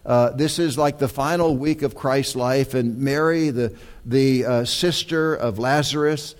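A man preaching a sermon, talking in a conversational, halting way with many fillers and repeated words, then rising to emphatic peaks. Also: mid-range voice.

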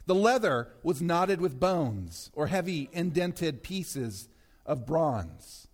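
A man preaching a sermon as pastor, reading scripture and pressing his points with rising emphasis. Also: sits high. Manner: emphatic, rising to a near-shout on key points.

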